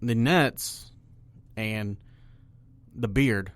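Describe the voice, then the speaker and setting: A man's voice: fairly low pitch, drawn-out words, no room sound. A man co-hosting a sports podcast, arguing his points in casual debate and talking over his co-host. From Ohio. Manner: argumentative, talks over his co-host, gets loud when excited.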